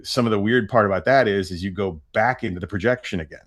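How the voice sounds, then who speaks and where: A man's voice: lowish voice, fast, a bit bright. A middle-aged man and voice actor, a podcast guest, chatting casually in a projecting voice and laughing often. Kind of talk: casual interview chat.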